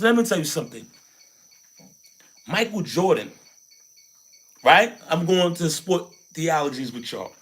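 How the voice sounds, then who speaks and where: A man's voice: high voice, animated, measured pace, pauses often, fairly bright tone, husky. Fired-up man rallying his viewers. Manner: preachy, repeats phrases, rallies viewers. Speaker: livestream host. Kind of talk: hyped motivational livestream chat.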